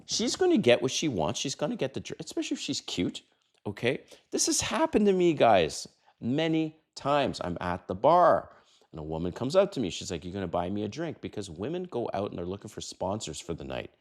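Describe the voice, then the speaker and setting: A man in his fifties hosting a dating advice talk, brash and emphatic, who swears and acts out quoted lines in a higher voice. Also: huge pitch swings, a little fast. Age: 50s. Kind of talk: casual talking-head advice monologue.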